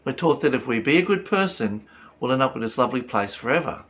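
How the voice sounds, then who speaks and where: A man's voice: medium pitch, animated, fast talker, fairly bright tone, husky. A man giving a reflective spiritual talk, earnest and full of rhetorical questions. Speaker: spiritual teacher.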